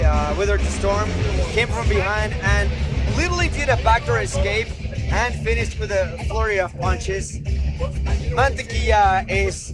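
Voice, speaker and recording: High-voiced eager fight commentator. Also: male voice. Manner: eager, stumbles and repeats words. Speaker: play-by-play commentator.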